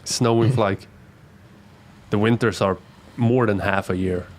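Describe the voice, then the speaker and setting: A man's voice: on the low side, steady tone, measured pace. A young man in a casual podcast chat, talking bluntly and swearing freely. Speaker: podcast co-host.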